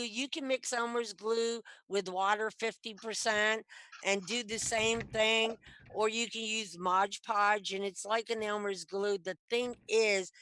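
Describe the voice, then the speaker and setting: A middle-aged woman, a metal detectorist guest on a video call, telling stories in a lively, chatty way. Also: mid-range voice, no echo. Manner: animated, chatty, acts out quoted lines. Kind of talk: casual storytelling. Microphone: computer mic on video call.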